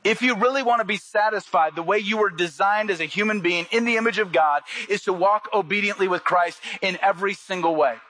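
A man preaching a sermon, earnest, dropping lower and softer when reading scripture and rising sharply when acting out quoted voices. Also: fairly quick, hardly any pauses, no room sound. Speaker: pastor.

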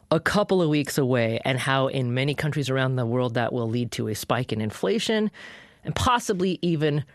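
A woman's voice: low voice, dry recording, studio quality. A woman hosting a radio interview program, talking conversationally and steering the discussion. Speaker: radio talk show host.

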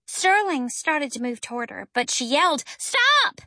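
A woman narrating a first-person children's story in an expressive, lively way. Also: high-pitched, moderate pace, dry recording, clean studio sound. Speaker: audiobook narrator.

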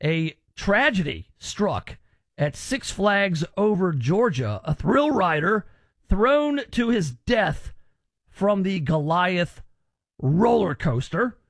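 Chatty high-voiced male radio host. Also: big pitch swings, slow, gravelly, dry recording, clean studio sound. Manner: chatty, joking, rambling asides. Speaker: radio talk show host. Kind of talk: casual radio show chat.

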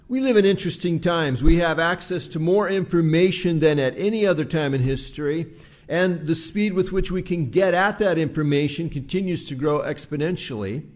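A male pastor preaching a live Sunday sermon, measured and slowing to stress key words. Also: fairly high pitch. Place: church service recorded live.

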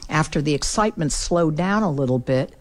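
A woman's voice: expressive, brisk. Middle-aged woman guest speaker, heartfelt storyteller, earnest delivery. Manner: earnest, builds emotion, drops low for sad moments.

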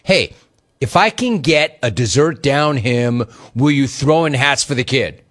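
A man's voice: medium pitch, expressive, a little slow, fairly bright tone. A man hosting a sports talk show, mocking rival fans with a teasing, laughing manner and reading chat messages aloud. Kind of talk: sports talk radio commentary.

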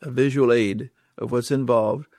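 A man's voice: mid-range voice, steady tone, moderate pace, darkish tone, no room sound. Emphatic male preacher, dry sound. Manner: emphatic, repeats key words, rhetorical questions to listeners. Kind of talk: sermon.

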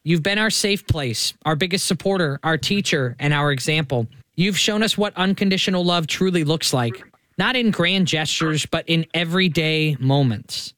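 A male radio host reads a heartfelt letter on air, slow and earnest. His voice sits a little high for a man. The studio sound is close and dry, with no room around it. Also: a bit bright, no echo.

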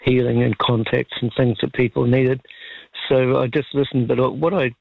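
Kiwi guy phoning in, gravelly voice, tinny phone line, lots of ums. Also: medium pitch, little pitch movement, no echo. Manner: halting, polite, many fillers, chuckling. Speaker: caller. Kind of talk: phone-in conversation.

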